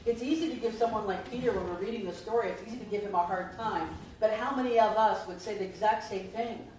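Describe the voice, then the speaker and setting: A woman's voice: mid-range voice, quick pace, darkish tone. Woman preaching in a very echoey hall. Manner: conversational storytelling, asks the congregation questions. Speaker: minister. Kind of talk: Easter sermon. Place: church sanctuary. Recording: distant mic, very echoey hall, faint noise.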